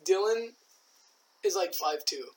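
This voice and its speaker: A man's voice: high voice, takes it slowly, background noise. A young man chatting casually as a podcast co-host, joking and laughing often. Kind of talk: casual chat.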